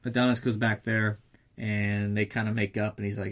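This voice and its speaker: A man's voice: lowish voice, little pitch movement, normal speed, fairly bright tone. A man casually recapping a film in a rambling, sarcastic way, swearing often.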